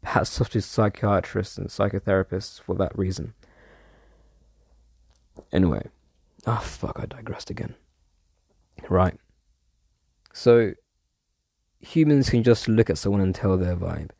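Man, casual monologue, mellow gravelly delivery, digressive and loose, dry sound. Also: low voice, a little slow, long pauses, no room sound. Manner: rambling, digressive, casually swearing.

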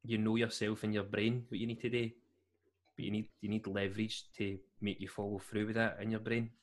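A man's voice: lowish voice, level tone, fairly quick. A man in casual podcast chat, rambling and correcting himself, laughing often.

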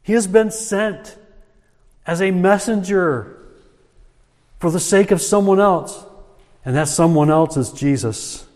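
A man preaching a sermon as a pastor, slow and emphatic, asking rhetorical questions. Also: high voice, darkish tone. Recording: long hall reverb.

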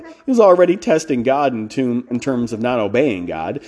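A man's voice: medium pitch, lively intonation, moderate pace, hardly any pauses, warm tone. A man hosting a podcast, talking in a casual preaching style, blunt and emphatic, with restarts and side remarks. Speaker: podcast host.

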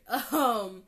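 Bright-voiced chatty woman podcaster. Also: a little high. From Georgia, US. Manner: chatty, animated, laughs often. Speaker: podcast host. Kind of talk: casual solo podcast talk.

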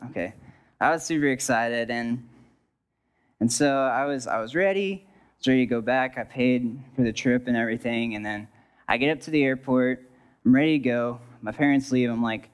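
A man's voice: mid-range voice, moderate pace, clear, resonant tone. A young man telling a personal faith story to an audience, rambling with restarts and joking asides. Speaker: speaker sharing a testimony.

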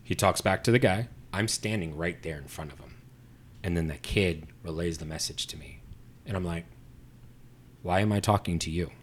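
A man with a somewhat low voice tells a story in casual chat. He rants with plenty of animation and acts out the people he argued with, his voice jumping up when he gets heated. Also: moderate pace, slight background noise. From Puerto Rico. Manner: animated ranting, acting out both sides.

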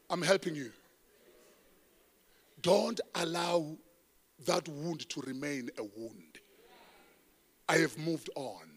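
A South African man preaching a sermon in church, telling stories with animation, swinging between loud calls and hushed asides. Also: fairly high pitch, slow pace, long pauses, breathy edge. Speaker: pastor.

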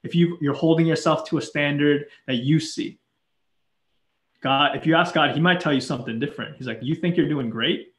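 A man's voice: on the high side, brisk, fairly bright tone, reverberant. A man preaching a sermon in a casual, conversational way, full of fillers and restarts.

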